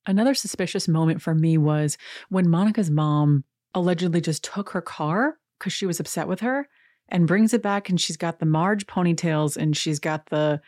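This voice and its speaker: A woman's voice: fairly low pitch, darkish tone, no room sound, clean studio sound. A woman hosting a podcast, giving a chatty, giggly recap of a reality show with playful asides. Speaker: podcast host. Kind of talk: casual reality-TV recap commentary.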